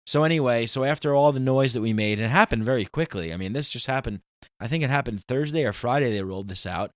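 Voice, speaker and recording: A man hosting his own podcast, talking through a solo intro in an animated, ranting, conversational way. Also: medium pitch, fast talker, no echo, clean studio sound. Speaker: podcast host.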